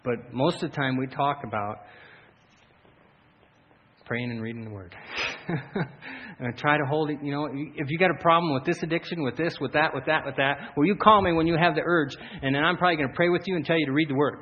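A man preaching a sermon as pastor, telling stories animatedly with frequent laughs and loud shouted bursts. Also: on the high side, normal speed, long pauses, a little hiss or hum. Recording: dull lo-fi sound, faint room ambience.

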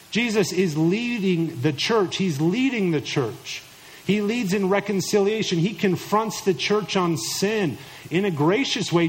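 Preaching to husbands, a middle-aged male pastor uses a high, bright voice, addressing the men in front of him emphatically and putting on mock voices for imagined listeners. The recording is rough.

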